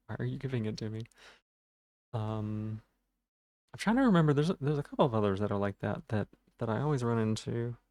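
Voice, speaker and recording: A man's voice: lowish voice, a little mellow, dry recording. A man streaming a game live, chatting casually with his viewers in a rambling, self-deprecating way, and stuttering on some words.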